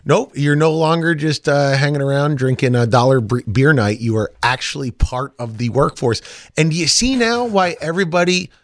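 A man's voice: on the high side, normal speed, dry recording, studio quality. A middle-aged man co-hosting a podcast, joking and chatting casually in a wry way. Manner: wry, joking, animated delivery. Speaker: podcast co-host. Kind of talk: casual podcast chat and live-read ads.

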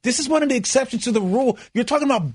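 A middle-aged man, a former player, holds forth on a sports talk show in a high-pitched voice, recorded dry and close. He is emphatic and circles back over his own words, restarting phrases as he pushes his point. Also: very fast, breathy edge, no echo. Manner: emphatic, repeats himself, restarts often. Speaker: former basketball player turned analyst. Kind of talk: animated sports talk banter.

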